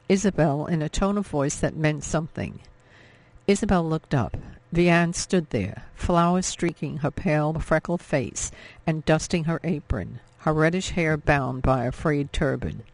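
A man narrating an audiobook in a measured, emotive reading. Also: fairly high pitch, gravelly, dry recording. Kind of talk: scripted narration.

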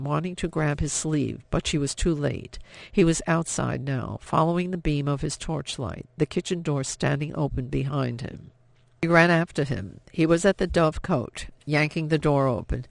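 A man narrates a novel in a steady, measured audiobook read. His voice is slightly high with a gravelly texture. The recording is close and dry. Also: dry recording.

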